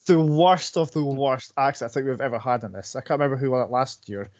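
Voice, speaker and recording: A man's voice: mid-range voice, a little fast, darkish tone. Man, podcast co-host, laid-back, blunt, slightly muffled recording. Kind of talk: casual chat. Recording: slightly dull audio.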